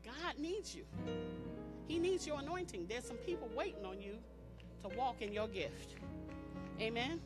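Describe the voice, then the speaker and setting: A woman's voice: a little high, animated, a little slow, long pauses, over loud music. A woman preaching an emphatic sermon at a church service, repeating phrases and calling on the congregation to respond. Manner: emphatic, repetitive, call-and-response.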